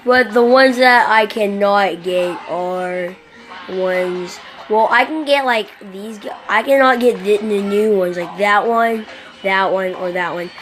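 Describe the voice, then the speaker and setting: Rambling, foul-mouthed woman gamer, slow talk. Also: mid-range voice. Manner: rambling, excitable, swears a lot. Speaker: mobile game vlogger. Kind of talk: casual gameplay commentary. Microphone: phone microphone during screen recording. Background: game music.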